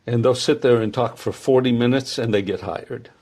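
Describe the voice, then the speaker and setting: An older man who founded the program speaks in a relaxed interview, pausing often with fillers. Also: mid-range voice. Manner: hesitant, many filler pauses. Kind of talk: conversational interview.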